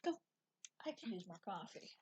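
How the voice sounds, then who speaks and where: An adult mother co-hosts a casual stitching show, speaking dryly and matter-of-factly with fillers and restarts. Her mid-range, mellow voice swings widely in pitch at a normal speed, with slight hiss or hum.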